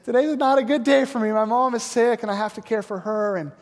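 A weary middle-aged woman, worn down from caring for a sick parent, answers in tired, reluctant phrases, as a male preacher quotes her in his sermon. Her voice sits high. A long reverb trails after her words. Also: a little fast.

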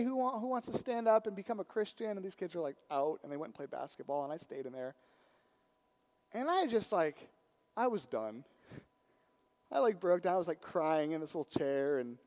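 A man preaching a storytelling sermon, his voice swinging from hushed and quiet to loud and emphatic. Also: high voice.

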